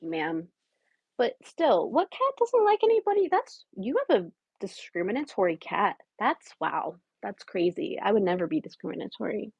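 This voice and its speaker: A woman's voice: high voice, husky, dry recording, muffled recording, heavily acted. A woman playing a scheming homeless woman in her late twenties who wheedles her live chat for a place to stay, shifting into sudden whispers. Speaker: comedic livestream host. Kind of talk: improvised parody livestream.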